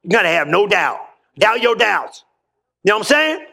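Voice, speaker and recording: A man preaching a lively sermon, talking casually with slang and frequent asides to the congregation, telling stories between scripture. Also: high-pitched, normal speed, vocal fry. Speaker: pastor.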